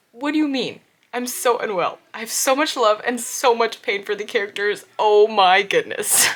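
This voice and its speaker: A young woman chatting about her favorite books on her vlog, her voice sitting a little low for a woman. She gushes and says the same phrase twice over to press her point. The talk is loose and unscripted. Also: a bit bright. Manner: gushing, repeats phrases for emphasis. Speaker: book vlogger. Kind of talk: casual book review chat.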